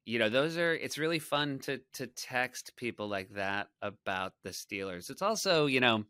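Guy on a podcast rambling about his team, bright punchy voice, laughs a lot, dry close mic. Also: medium pitch, lively intonation, normal speed, clean tone, no room sound. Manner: rambling, self-deprecating, laughs often. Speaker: guest. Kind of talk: casual podcast chat.

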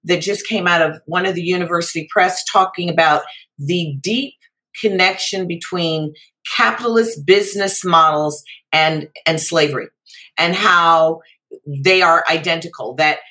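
A woman hosting a podcast, talking in a slow, emphatic way and repeating words as she goes. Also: fairly low pitch, sharp tone. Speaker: podcast host. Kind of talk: casual conversation.

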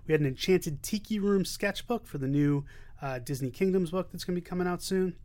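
A man hosting a podcast news roundup, talking in an upbeat, relaxed way with a few fillers. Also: high-pitched, a little fast. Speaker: podcast host.

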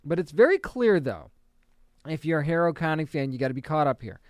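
A man's voice: on the high side, very animated, fairly quick, dry recording, clean studio sound. A man chatting casually and enthusiastically as he reviews comic books, often restarting his sentences and laughing a little.

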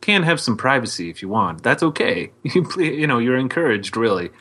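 Podcast co-host talking haltingly. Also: mid-range voice, big pitch swings, a bit bright, breathy edge. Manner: halting, self-correcting. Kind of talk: casual chat.

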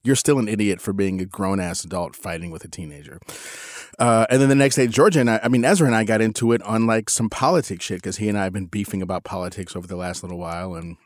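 Speaking fast on a clean studio recording with no room sound, a man in his forties who co-hosts a podcast shares a casual tale about his teenage kids. He brings the quotes to life with animated, leaping shifts in pitch.

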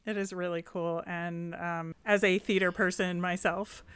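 Woman podcast co-host, lower voice, smooth and clear, upbeat and chatty, dry close sound. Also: level tone, a little slow, a bit bright, dry recording. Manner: upbeat, chatty, laughs easily. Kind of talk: casual sports chat.

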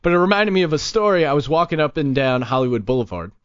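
A man hosting a podcast, with a high voice and animated, laughing storytelling. The audio is dull and lo-fi. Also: fast talker, dry recording. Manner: animated, laughing, many restarts. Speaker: podcast host. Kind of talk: casual storytelling chat.

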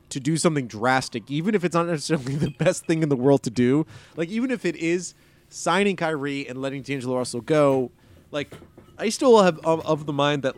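A man co-hosting a basketball podcast in casual chat, rambling with many fillers and a wry tone. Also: mid-range voice. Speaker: podcast co-host.

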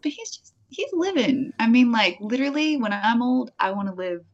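A woman guest on a podcast, chatting casually, animated and laughing as she talks. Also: on the high side, moderate pace, dull audio. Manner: animated, laughs while talking. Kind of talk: casual chat.

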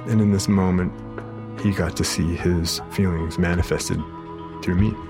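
A man, a therapist, telling an emotional story from a session, halting with many fillers and restarts. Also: deep voice, fairly even intonation, over music. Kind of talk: personal storytelling.

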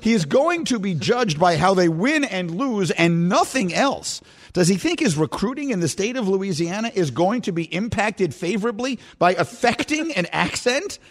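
A man from New York hosting sports talk radio, animated and joking. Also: high-pitched, normal speed.

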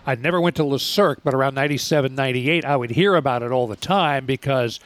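A man's voice: mid-range voice, fast talker. A man chatting casually as a co-host, sharing an anecdote. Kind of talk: casual chat.

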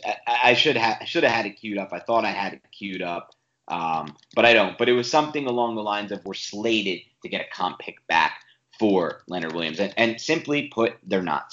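A man's voice: fairly low pitch, a bit bright, roomy sound. A man co-hosting a sports podcast, ranting emphatically and with frustration in casual talk. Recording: dull lo-fi audio.

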